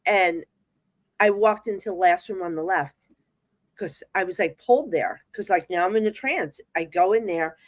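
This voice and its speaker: A woman with a New Jersey accent, a psychic medium guest telling ghost stories in casual chat, animated and acting out the voices she quotes. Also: lowish voice, normal speed, no echo.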